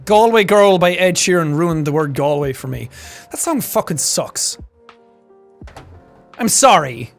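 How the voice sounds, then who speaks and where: A man's voice: sits high, a bit bright. An Irish man streaming live, chatting casually and ranting with swearing and laughter. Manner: profane, ranting, quick to laugh.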